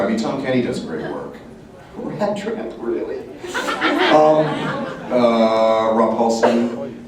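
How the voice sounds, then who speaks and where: A man, a voice actor, speaking at a convention panel and jumping into quick voices and asides. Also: medium pitch. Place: large convention hall. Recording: echoey hall, mic heard from a distance.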